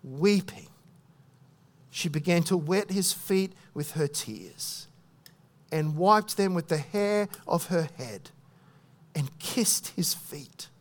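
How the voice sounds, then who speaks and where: A man preaching a sermon, retelling a story with lively voiced thoughts and dropping soft at the moving parts. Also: on the high side, slow, pauses often.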